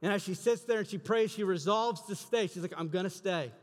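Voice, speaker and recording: A man preaching a sermon as a story, acting out the quoted lines with a lifted voice and more volume. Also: fairly quick. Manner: acts out quoted dialogue, rising in pitch and volume. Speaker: pastor. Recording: reverberant hall.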